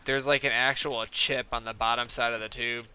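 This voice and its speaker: A man's voice: mid-range voice, level tone, normal speed, bright, forceful tone, a little hiss or hum. A young man chatting casually on a gaming live stream, rambling through a story full of fillers and quoted back-and-forth. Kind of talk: casual live-stream chat while playing.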